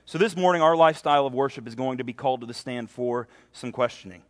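A man's voice: mid-range voice, fast. A young man giving his first sermon to his home church, earnest and a little nervous, often asking the congregation "right?". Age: young adult. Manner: earnest, nervous first-time preacher with frequent "right?" tags. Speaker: preacher. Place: church sanctuary. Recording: church with long reverb.

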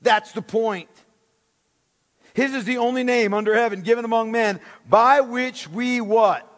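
A man's voice: very high-pitched, a little slow, fairly bright tone. A man preaching a sermon as pastor, emphatic, with rhetorical questions and words repeated for stress. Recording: long hall reverb.

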